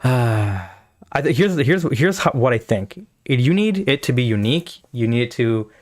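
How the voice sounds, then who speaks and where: A South Asian man streams live, offering casual, rambling, profane reaction commentary as he thinks aloud. His medium-pitched voice has lively intonation at a measured pace, with faint anthem music in the background.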